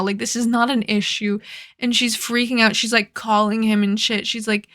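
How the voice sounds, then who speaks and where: Young adult woman vlogger; chatty, rambling, sweary storyteller, pitched a little high. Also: fairly even intonation, normal speed, a bit bright. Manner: rambling, profane, heavy "like" filler. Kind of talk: casual storytime chat.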